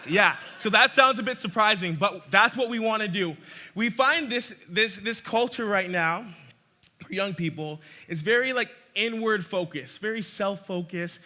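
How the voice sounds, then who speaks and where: A young man with a high, very bright voice tells a story from the front of a church. He is animated and chatty, often restarting his sentences and breaking into laughter. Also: normal speed. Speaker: church speaker.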